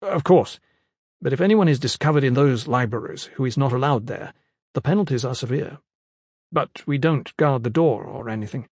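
A man's voice: medium pitch, normal speed, darkish tone, husky, dry recording, natural voice. A man doing a flustered, fussy librarian. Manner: flustered, stammering.

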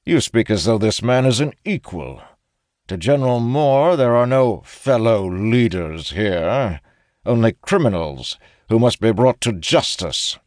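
A man reading an audiobook, voicing a smooth, scornful male official who speaks sharply. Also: fairly low pitch, expressive, measured pace, darkish tone, dry recording, clean studio sound, pitched above the performer's own voice. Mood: sneering.

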